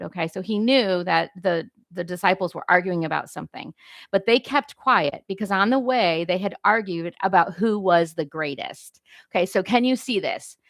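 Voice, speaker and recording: A woman's voice: fairly low pitch, moderate pace, no echo, clean studio sound. An older woman giving an informal devotional teaching, conversational and often checking in with her listeners. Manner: conversational, self-correcting, asks "right?" often. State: briefly choked up. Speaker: Christian leadership teacher.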